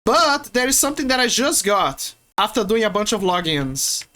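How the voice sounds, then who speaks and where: A woman's voice: mid-range voice, very animated, normal speed, bright, forceful tone. A woman from Brazil, chatting casually and playfully with viewers while streaming a game, often restarting her sentences. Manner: rambling, playful, many restarts.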